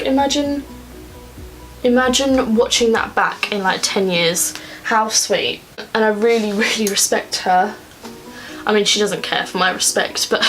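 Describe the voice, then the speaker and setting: A woman's voice: medium pitch, low-quality recording. A young woman chatting casually at home while doing her makeup for a get-ready-with-me vlog. She rambles and fills her talk with lots of "like"s. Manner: chatty and rambling, many filler "like"s. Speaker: beauty vlogger. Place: at home, indoors.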